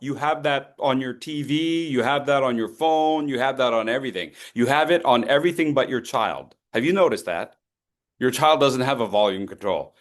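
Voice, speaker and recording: A man's voice: medium pitch, animated, normal speed. A man leading an online public speaking workshop over a video call, playful and teasing as he calls on participants.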